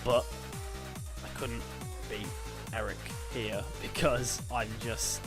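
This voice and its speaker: A man's voice: mid-range voice, flat delivery, takes it slowly, over music. Rueful young man reviewing a loss. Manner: frank, rueful, self-critical. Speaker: game video host. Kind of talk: casual commentary on a game battle.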